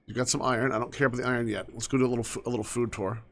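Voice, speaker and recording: A young man with a gravelly, fry-edged voice talks his way through a game, chatting casually to the characters on screen. He often drops into soft mutters, then picks back up in a mid-range voice. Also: mid-range voice, fairly even intonation, racing, slight background noise. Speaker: gaming streamer. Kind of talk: casual gameplay commentary.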